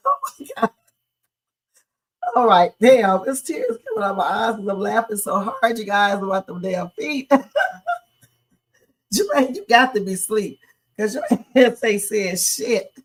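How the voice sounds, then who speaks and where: A woman's voice: mid-range voice, lively intonation, moderate pace. A woman hosting a livestream and reacting to viral videos in casual, slangy, profane chat, laughing often. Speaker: livestream host. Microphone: streaming setup.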